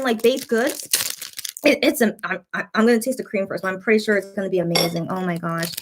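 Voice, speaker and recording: A woman's voice: medium pitch, quick pace, background noise. A young woman vlogger chatting casually while eating on a live stream, full of fillers and reading viewer comments aloud. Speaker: mukbang vlogger.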